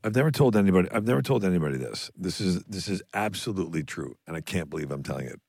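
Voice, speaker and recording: A man co-hosting a podcast, telling stories in animated, casual chat. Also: low-pitched, fast, breathy edge, no room sound, clean studio sound. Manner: animated storyteller, swears, laughs often. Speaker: podcast co-host.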